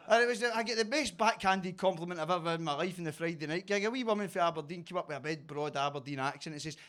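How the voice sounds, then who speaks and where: A Scottish man doing a stand-up routine in a basement comedy club, telling stories loudly and swearing freely. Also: sits high. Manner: loud, sweary, quick storytelling.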